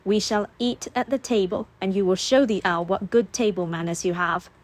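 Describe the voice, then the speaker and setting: A firm, harried young mother scolds her children in an audiobook, voiced by the woman narrating. She keeps her tone strict and her pitch in a middle range. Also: moderate pace, lightly acted. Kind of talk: audiobook character voice.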